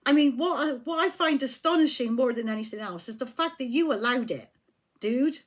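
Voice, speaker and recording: A fairly high-voiced woman reads tarot cards in a casual way. She talks bluntly and with heavy emphasis, and she swears when she gets riled. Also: animated, normal speed. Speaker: tarot reader.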